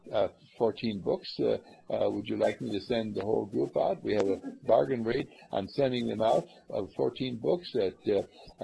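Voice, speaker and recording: A man with a mellow, gravelly voice gives an earnest spiritual talk to a group. He rambles and fills his pauses with uhs and ums. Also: poor audio. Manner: acts out callers in lively higher voices; rambling, earnest, with many fillers. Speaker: spiritual teacher.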